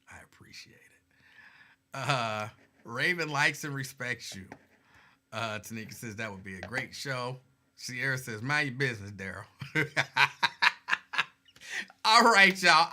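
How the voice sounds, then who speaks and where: Unhurried and expressive, with long pauses, a mid-range male voice hosts a live talk stream. He reads out viewer comments and chats in an easygoing manner before signing off with some warm advice.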